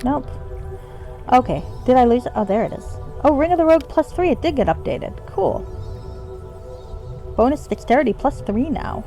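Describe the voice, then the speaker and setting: A woman's voice: high voice, lively intonation, moderate pace, pauses often, dark tone, faint music behind. A woman streamer giving casual, wry commentary while playing a game, thinking aloud. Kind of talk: casual let's-play commentary.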